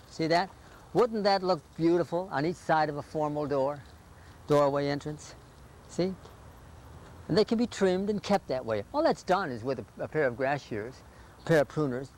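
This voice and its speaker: Man, gardening show host, folksy and chatty, slightly high voice, outdoors, faint background hiss. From Northern Virginia. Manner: chatty, homespun, addresses viewers directly. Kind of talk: folksy how-to presentation to camera. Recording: faint background noise, 1980s local TV.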